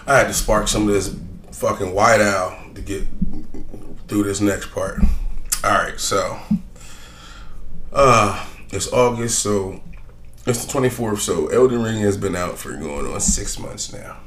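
A man's voice: on the low side, measured pace, long pauses, fairly bright tone, slight background noise. A young man hosting a solo podcast, ranting bluntly and profanely in a rambling, offhand way. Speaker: podcast host. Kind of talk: casual solo podcast rant.

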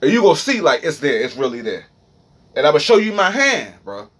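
A man's voice: a little high, big pitch swings, brisk, fairly bright tone, breathy edge. A young man with a Washington, D.C. accent, rambling profanely and animatedly through a freestyle monologue. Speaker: streamer.

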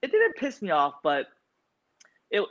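A man's voice: high-pitched, wildly swooping pitch, unhurried, lo-fi sound. A man in casual chat who tells stories animatedly and acts out his own past lines in a raised voice. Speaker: new father in a podcast chat.

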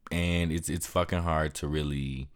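A young man with a very deep, low voice talks straight into his podcast mic, worn out and depressed. His words come blunt and frustrated, heavy with swearing and fatigue. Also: fairly even intonation, normal speed, smooth. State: exhausted and depressed. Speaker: podcast host. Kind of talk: candid monologue.

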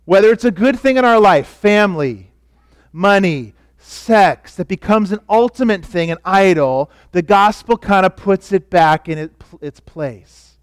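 A pastor preaches a sermon in a relaxed, conversational way. His voice sits fairly high for a middle-aged man. The sound is close and dry, with almost no room echo. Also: a little slow, clean tone.

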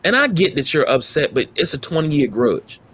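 A man's voice: a little high, big pitch swings, normal speed, fairly bright tone, husky. A man co-hosting a casual sports talk podcast, emphatic and profane as he rants about players. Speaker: podcast co-host.

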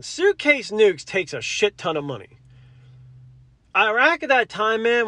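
Casual guy podcaster, rambly, swears a lot, kinda high voice, dry sound. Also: fairly bright tone, no room sound. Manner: rambling, self-correcting, swears and apologizes. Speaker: podcast host. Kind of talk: casual solo commentary.

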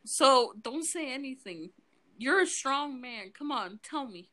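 A woman's voice: high voice, a little slow. A young woman in casual chat, telling stories with lots of giggling. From United States. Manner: giggly, animated storytelling.

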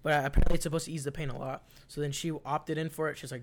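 A man's voice: fairly high pitch, flat delivery, rapid-fire. A young man telling a long story in casual, rambling talk, swearing constantly and leaning on fillers like "like". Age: young adult. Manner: profane, rambling, lots of fillers.

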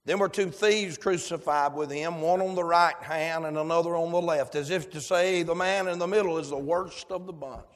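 A man preaching, praying and reading scripture aloud with slow, emphatic cadence. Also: on the high side, fairly even intonation, in a large hall. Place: church sanctuary.

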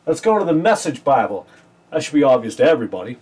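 A man hosting a casual podcast, comparing Bible verses with a sarcastic edge and reading scripture slowly with stress, in a small room. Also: mid-range voice, sing-song, a little mellow, breathy edge.

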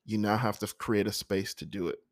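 A man with a lowish voice tells a personal story in a soft, halting, emotional way. The recording is dry and close, with no room sound. He pauses often as he gathers himself before reading his poem. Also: steady tone, no room sound. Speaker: poet introducing a poem.

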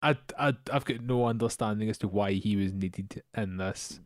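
A young Scottish man co-hosting a podcast, giving measured, critical opinions about a film in casual chat. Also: lowish voice, no room sound, clean studio sound. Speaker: podcast co-host.

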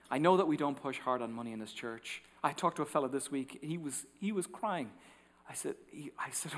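A man preaching a sermon as pastor, telling stories with lively acted-out quotes and swinging between loud and hushed. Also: fairly high pitch, fast talker. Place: large church sanctuary. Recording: long reverb of a large hall.

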